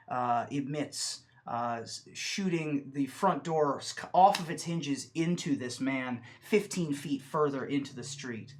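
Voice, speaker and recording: A man narrating a tabletop game as dungeon master, halting and thoughtful, with many fillers. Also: a little high, slight background noise.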